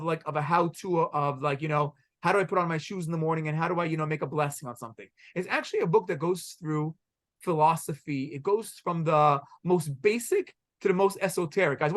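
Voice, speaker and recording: High, fast-talking rabbi quizzing a class. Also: male voice. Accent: Israeli Hebrew pronunciation of Hebrew words. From Israel. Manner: energetic, quizzes the room, mixes in Hebrew words. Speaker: rabbi teaching a halacha class. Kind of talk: classroom lecture with questions to students.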